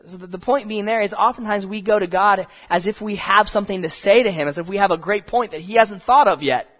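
Man, pastor, sermon, high-pitched voice, talky delivery, acts out quotes. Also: fast, fairly bright tone. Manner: conversational preaching with restarts, acting out quoted voices.

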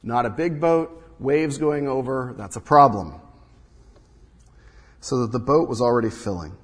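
A man preaching a sermon as pastor, moving between loud emphatic bursts and hushed low asides. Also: a little slow, breathy edge. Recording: long reverb of a large hall.

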